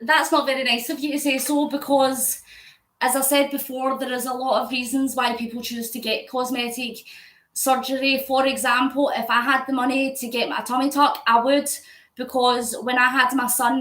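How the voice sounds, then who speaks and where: A woman's voice: sits high, sharp tone, echoey room, rough recording. A Scottish woman from near Glasgow, hosting a live stream and chatting while she answers viewer comments as she cycles. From Scotland. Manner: chatty, answers comments aloud with frequent laughs; talking while cycling. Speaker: fundraising vlogger.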